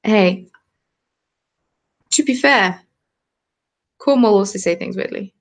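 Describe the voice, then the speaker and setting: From a cold home, a crafting channel host, a woman in her twenties with a southern English accent, knits live and chats casually with viewers about their comments. She speaks slowly, at a medium pitch.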